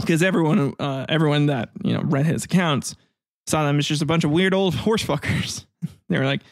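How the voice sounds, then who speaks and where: This podcast host has a high-ish voice, talks fairly quickly, and is captured in clean studio sound with no room echo. His casual history chat drifts between notes and crude, jokey asides, with frequent laughter.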